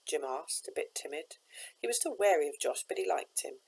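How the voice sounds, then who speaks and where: A woman, a teacher, reading a children's novel aloud with steady, expressive narration. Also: low-pitched, moderate pace, gravelly, breathy edge, low-quality recording.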